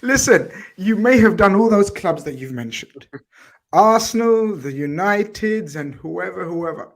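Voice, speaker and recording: Chatty higher-voiced male host. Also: expressive, measured pace. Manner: chatty, teasing. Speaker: podcast host. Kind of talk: casual football chat.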